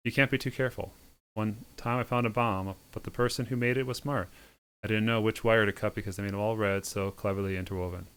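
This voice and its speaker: Fast, smooth-voiced man reading a game deadpan. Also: fairly low pitch. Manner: sardonic, quick deadpan delivery with snarky asides. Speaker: game streamer reading a visual novel aloud. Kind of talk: reading game text aloud with comic asides.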